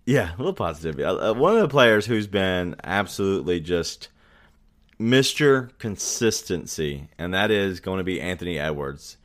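A man co-hosting a casual sports podcast, talking in a relaxed, rambling way with many fillers. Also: low-pitched, moderate pace. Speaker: podcast co-host.

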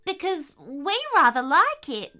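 A woman's voice: high-pitched, big pitch swings, measured pace, pushed and bright, pitched above the performer's own voice, exaggerated voice. A woman voicing a polite, genteel echidna with gracious manners. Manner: courteous, gracious.

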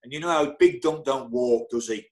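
A middle-aged man, a football physio, telling anecdotes in an interview with lively energy, often stammering and repeating words. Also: mid-range voice, moderate pace, rough recording. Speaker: football club physio, guest.

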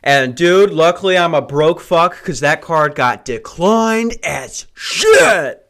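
A man's voice: a little high, very animated, takes it slowly, fairly bright tone. A young man hosting a podcast, rambling through casual, profane, jokey stories. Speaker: podcast host.

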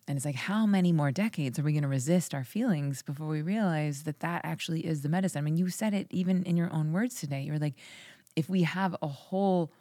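Low-voiced woman hosting a podcast. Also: fast talker, mellow, no echo, clean studio sound. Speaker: podcast host. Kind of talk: casual interview chat.

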